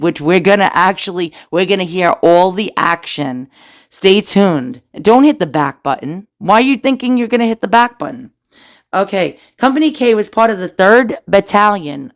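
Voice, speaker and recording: A middle-aged woman hosting a family history video, reading war records aloud with chatty asides and jokes. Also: medium pitch. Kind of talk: casual documentary narration.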